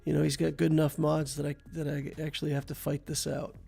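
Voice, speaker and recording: A man with a slightly higher voice and a gravelly, creaky edge talks through a game match in a relaxed, chatty way. He thinks out loud and speaks straight to the viewer. Soft music plays faintly underneath. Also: quick pace. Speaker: game channel host. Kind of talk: casual gameplay commentary.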